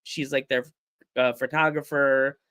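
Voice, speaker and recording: An American man hosting a relaxed podcast conversation, his voice at an ordinary middle pitch. He rambles along, tripping over words and restarting sentences, and laughs often. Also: a little slow, clear, resonant tone. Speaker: podcast host. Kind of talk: casual podcast chat.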